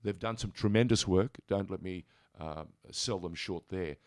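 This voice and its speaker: An older Australian man from Sydney, a radio interview guest in a studio, telling animated stories and mimicking voices as he goes. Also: low voice, normal speed, no echo. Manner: animated storyteller who mimics voices in anecdotes.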